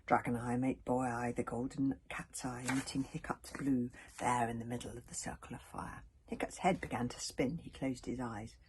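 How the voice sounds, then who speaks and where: A woman reading a children's book aloud in an animated way, often dropping into whispers. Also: a bass voice, moderate pace, few pauses, noisy background. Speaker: storyteller.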